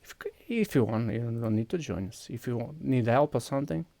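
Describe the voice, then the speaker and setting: Portuguese-accented man with a gravelly voice. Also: mid-range voice, fairly quick, mellow, dry recording. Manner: walks viewers through steps while clicking, thinking aloud. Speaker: game streamer. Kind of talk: casual live-stream chat.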